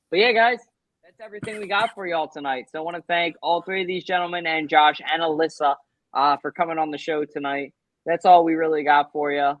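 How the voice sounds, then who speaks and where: Upbeat higher-voiced male podcast host. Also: dry recording, dull audio. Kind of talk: casual chat.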